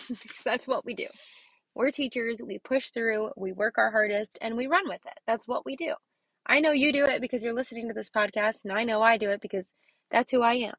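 A woman's voice: a little high, fairly quick, fairly bright tone, dry recording. A woman who teaches kindergarten, hosting a casual motivational podcast and speaking emphatically, often checking in with "okay?" and dropping to a whisper to stress a point. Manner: emphatic, repeats "okay?" to the listener; drops to a whisper for key points.

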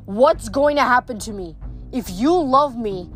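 A woman's voice: fairly high pitch, lively intonation, unhurried, faint music behind. A woman reading as a hurt angry teenage boy. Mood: bitter.

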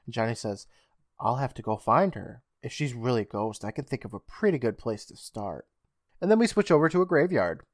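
A man co-hosting a podcast, casually retelling an episode's plot with swearing and quick acted-out lines. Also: mid-range voice, big pitch swings, dry recording, clean studio sound. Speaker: podcast co-host recapping an episode. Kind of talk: casual recap chat.

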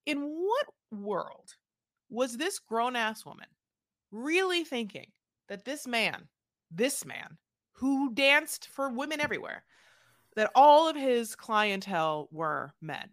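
A woman co-hosting a podcast in casual chat, making her points emphatically with quick, rambling asides. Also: on the high side, very animated, fairly bright tone, no echo, clean studio sound. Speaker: podcast co-host.

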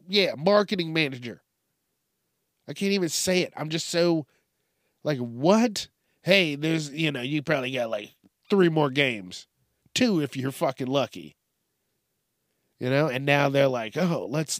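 A man's voice: fairly high pitch, no room sound. Male podcast host, young, swearing and ranting through the news, dry booth sound. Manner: profane, ranting, sarcastic. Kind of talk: casual news commentary.

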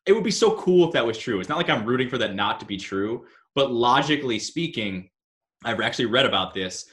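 Fast-talking bright-voiced man. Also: medium pitch, animated. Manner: quick, wry and reasoning. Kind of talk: casual chat.

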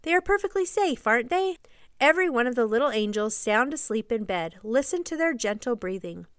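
A woman's voice: a little high, animated, brisk, a bit bright, clean tone, dry recording, studio quality. A woman doing a stern, scolding nursemaid. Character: bad-tempered young nursemaid, dense and stern.

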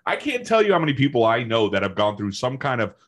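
A man on a casual podcast, launching into a profane, heated comic rant with big swings in pitch. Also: fast. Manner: heated, swears constantly, animated pitch swings.

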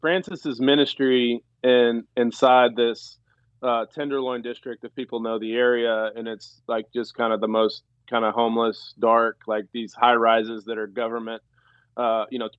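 A former pro baseball player, appearing as a podcast guest, tells a casual story in a loose, rambling way full of fillers and restarts. His mid-range voice is level and moderately paced, with clean but dull audio and no echo.

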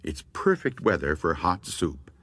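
A man's voice: low-pitched, sing-song, unhurried, fairly bright tone, husky, dry recording, voice pushed down, exaggerated voice. A man voicing a stubborn housewife who cooks a soup and shrugs off a strange voice, spoken in a dismissive, self-satisfied way. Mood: pleased.

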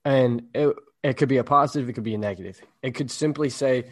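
A man co-hosting a relaxed podcast, rambling and reflective as he works through an idea. His voice sits in an ordinary middle pitch. He sounds easygoing and conversational. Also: fast. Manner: rambling and reflective, explaining ideas with examples. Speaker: podcast co-host. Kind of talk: casual podcast chat.

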